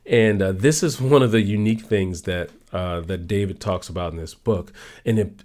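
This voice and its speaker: Male motivational host, emphatic, repetitive, voice leaps high on stressed words. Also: a little mellow. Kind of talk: motivational talk about a book.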